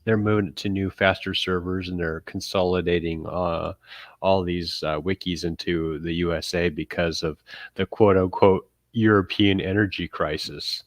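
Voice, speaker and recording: Deep-voiced podcast man, easygoing and chuckling, dry close sound. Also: fairly even intonation, normal speed, no echo. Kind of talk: casual chat.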